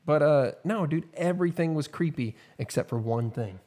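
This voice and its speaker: A man co-hosting a casual movie podcast in a studio, excitable and peppering his talk with "dude". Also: a little high, normal speed. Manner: excitable, says "dude" a lot. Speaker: podcast co-host. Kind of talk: casual movie-news chat.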